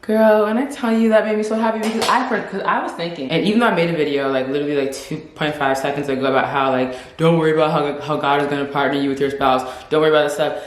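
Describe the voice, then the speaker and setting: A young woman vlogging in a casual, animated chat, laughing often as she talks. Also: deep voice, fast talker, hardly any pauses, echoey room, slight background noise.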